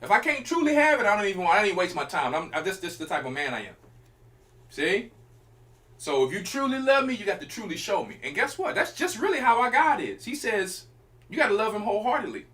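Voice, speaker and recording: A high-voiced man preaching as a church elder, his pitch swinging widely as he drives his points home. His tone is bright and forceful, and he talks to the congregation directly in a loose, conversational sermon style. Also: big pitch swings, quick pace. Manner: emphatic, colloquial preaching with direct address to listeners. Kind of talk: informal sermon teaching.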